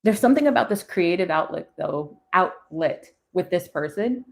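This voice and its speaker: In a low, gravelly, expressive voice at a normal pace, a woman in her forties reads tarot live. She muses to herself and her viewers as each card turns over.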